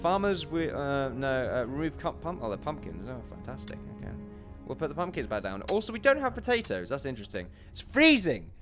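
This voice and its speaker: A young man chatting through a building game in a loose, rambling way, often laughing at himself. His voice is animated and swings widely in pitch. Faint background music plays under his talk. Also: fairly quick. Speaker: gaming commentator. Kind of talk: casual let's play commentary.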